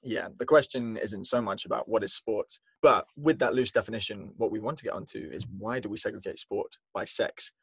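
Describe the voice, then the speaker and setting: A man from South Africa co-hosts a podcast, his voice a little husky and his delivery measured. He sets out facts carefully and evenly. The sound is close and dry, with no room around it. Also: lowish voice, fairly bright tone, no room sound. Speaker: podcast co-host. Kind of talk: casual discussion.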